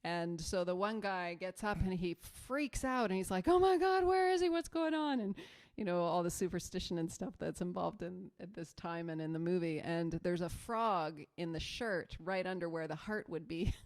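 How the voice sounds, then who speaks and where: A woman with a slightly low voice chats casually on a choir live stream. She rambles through her stories with plenty of fillers and restarts. Her mic sits a little away from her rather than right in front of her mouth. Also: moderate pace, hardly any pauses. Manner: chatty, rambling storyteller with many fillers and restarts. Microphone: mic set away from her, not in front of her mouth.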